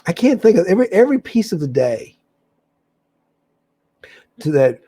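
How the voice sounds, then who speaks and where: A man's voice: high voice, very animated, normal speed, warm tone, slightly rough. A man hosting a spiritual livestream, chatting casually and enthusiastically to viewers, rambling and often restarting his sentences. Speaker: livestream host.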